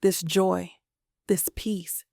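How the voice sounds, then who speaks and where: A woman narrating a first-person romance audiobook in an intimate, steady way into a close mic. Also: on the low side, drawn-out words, vocal fry, slight background noise.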